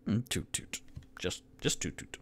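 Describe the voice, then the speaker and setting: A man's voice: unhurried, natural voice. A man voicing a nervous, apologetic young male adventurer who talks hesitantly.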